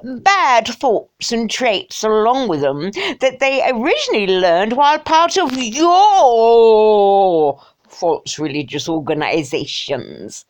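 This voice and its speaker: A woman voicing a snotty, pompous upper-class Englishman in a haughty, drawn-out way. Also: a bass voice, wildly swooping pitch, breathy edge, no room sound, studio quality, voice pushed down, exaggerated voice.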